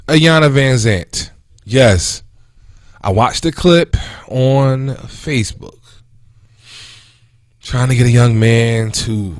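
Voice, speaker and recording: A man in his thirties hosting a casual talk show, venting in an animated, indignant way about an everyday run-in and then moving on to other topics. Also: no echo, clean studio sound. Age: 30s. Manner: animated and indignant, with pitch jumping when quoting and venting. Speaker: host. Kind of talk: casual talk radio monologue.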